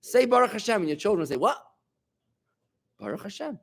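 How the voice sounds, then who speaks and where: A middle-aged man, a rabbi, giving an informal Torah class in an animated, emphatic way, bantering with his listeners. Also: high-pitched, rapid-fire.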